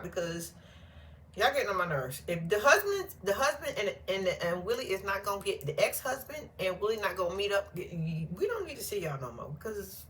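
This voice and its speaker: A woman's voice: medium pitch, a bit bright, slight background noise. A woman hosting a casual reality TV recap, talking bluntly and animatedly, with plenty of cursing and laughter. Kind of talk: casual reaction commentary.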